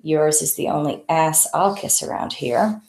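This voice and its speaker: A woman's voice: deep voice, unhurried, darkish tone, roomy sound. A woman voicing a cheeky young man with a teasing manner. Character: cheeky young male photographer boyfriend.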